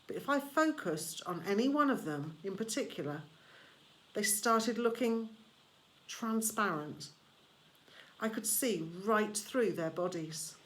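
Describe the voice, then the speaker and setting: Slow, measured woman narrator. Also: medium pitch, lively intonation. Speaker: audiobook reader. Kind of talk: first-person novel narration.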